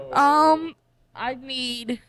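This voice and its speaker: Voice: sits high, steady tone, very slow, crowd noise, rough recording. A co-host on a casual sports podcast who talks in a chatty, hedging way and giggles often.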